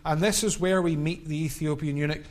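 Impassioned male preacher, higher-pitched voice. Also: steady tone, brisk, a little mellow. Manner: impassioned, repetitive preaching cadence. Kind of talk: evangelistic sermon.

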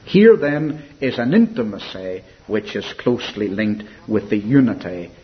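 A man preaching a sermon in an earnest, reflective way, softening and slowing when he quotes scripture. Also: on the low side, sing-song. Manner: earnest, reflective preaching with soft, slowed quotations. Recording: dull lo-fi recording with faint hiss.

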